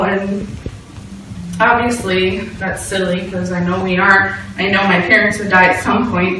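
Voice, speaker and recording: A woman's voice: medium pitch, noisy background. A young woman telling a personal story to a youth audience in an earnest, vivid way, acting out the quotes. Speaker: speaker giving a testimony to a youth group. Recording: echoey hall, distant from the mic.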